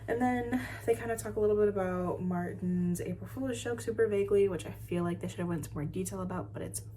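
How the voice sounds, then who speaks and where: A woman recapping an episode in a casual chat, swearing often and filling pauses with "um" and "like". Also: mid-range voice, dark tone, a little hiss or hum. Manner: chatty, swears often, many fillers. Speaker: podcast reviewer.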